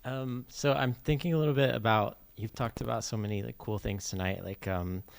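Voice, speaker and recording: A man's voice: on the low side, fairly even intonation, a little fast, gravelly. A man in the audience at a book event, asking the author a question with lots of hesitant fillers.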